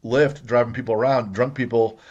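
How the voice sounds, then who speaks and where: A man's voice: mid-range voice, steady tone, brisk, darkish tone, breathy edge. A man hosting a casual interview podcast, asking teasing, joking questions. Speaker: podcast host. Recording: slightly dull, lo-fi audio.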